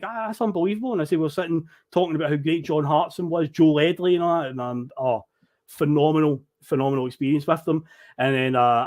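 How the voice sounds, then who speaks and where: A man on a podcast, telling a lively story, acting out the people he met and swearing casually. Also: fairly high pitch. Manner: animated storyteller who acts out quoted people, swears casually.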